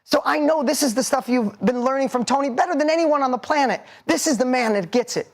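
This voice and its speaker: A man's voice: extremely high pitch, quick pace. A man in his forties giving a motivational seminar talk, punchy and emphatic, hammering points with repetition. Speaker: motivational speaker.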